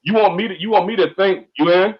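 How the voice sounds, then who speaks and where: A man's voice: sits high, quick pace. A man speaking on an online call, ranting with fiery, repetitive, emphatic outbursts. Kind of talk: impassioned call-in talk. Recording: dull lo-fi online call audio.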